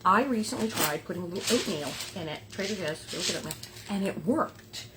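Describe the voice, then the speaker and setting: A woman's voice: medium pitch, lively intonation, brisk, very noisy. A woman hosting a casual cooking demonstration in a kitchen, chatty and playful, with silly sing-song asides. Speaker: cooking show host. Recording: kitchen clatter of dishes and utensils behind.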